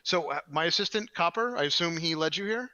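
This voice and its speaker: An arrogant male wizard inventor, voiced by a man running a tabletop game. The tone is bright, and the manner fussy and self-assured, with stumbling restarts. The recording is dry and a little dull. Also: a little high, lively intonation, a little fast, dry recording, voice pushed up.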